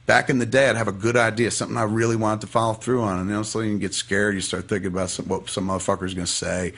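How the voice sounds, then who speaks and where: Low-voiced man telling a raw story. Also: little pitch movement, quick pace, gravelly, fairly bright tone. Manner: profane, rambling, heartfelt. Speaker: podcast guest. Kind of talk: casual storytelling.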